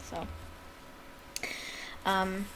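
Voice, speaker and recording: A woman's voice: drawn-out words, background noise. A woman who reads a novel aloud as a fan, with enthusiastic, chatty asides. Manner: enthusiastic, laughs at her own asides.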